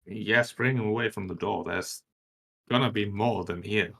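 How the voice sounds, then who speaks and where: A man's voice: on the low side, normal speed, vocal fry, a bit bright. A man playing a tabletop game, asking blunt, direct questions. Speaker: player. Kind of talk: tabletop role-play.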